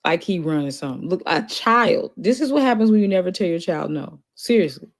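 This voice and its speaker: Give me a woman with a fairly low voice doing mocking stream commentary. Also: animated, a little fast. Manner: mocking, talks straight to viewers. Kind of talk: casual commentary over a clip.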